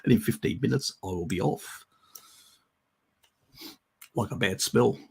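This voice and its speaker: A man hosts a casual live stream and answers viewer questions with a sarcastic, mocking edge. His voice is gravelly and husky, with a breathy rasp. He laughs often. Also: on the low side, a little slow.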